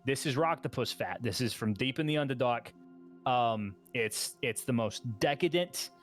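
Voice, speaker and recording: A man's voice: mid-range voice, lively intonation, moderate pace, soft background music, lightly acted. Man doing a stammering flustered chef. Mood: eager. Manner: stammering, keeps restarting sentences. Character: flustered nervous male tavern chef.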